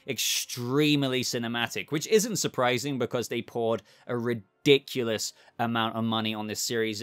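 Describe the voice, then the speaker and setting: A man's voice: mid-range voice, a bit bright, no echo. A man hosting a pop-culture news channel, talking chatty and upbeat with rambling asides. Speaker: channel host.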